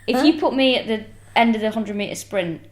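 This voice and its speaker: A woman's voice: on the high side, normal speed. A woman co-hosting a comedy podcast, riffing on silly hypotheticals in casual chat. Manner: jokey, riffs on silly hypotheticals. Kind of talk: casual comic chat about true crime. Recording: roomy, echoey room sound.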